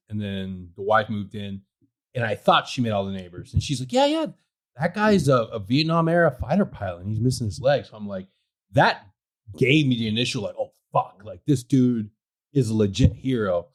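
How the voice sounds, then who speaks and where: A man's voice: lowish voice, normal speed. A man co-hosting a podcast in casual chat, telling a rambling story full of swearing. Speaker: podcast co-host.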